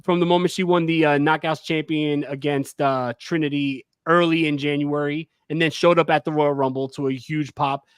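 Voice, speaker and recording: Earnest man with a slightly high voice. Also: level tone, moderate pace, hardly any pauses, clear, resonant tone, dry recording, clean studio sound. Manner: earnest, argues his pick with conviction. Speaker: podcast co-host. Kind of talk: casual wrestling chat.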